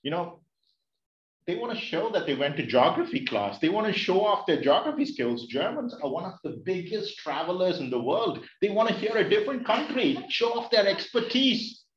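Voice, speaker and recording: A man's voice: high-pitched, sing-song, moderate pace. A man from India giving a humorous speech to an audience, playfully teasing listeners with questions. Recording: roomy, distant, dull sound.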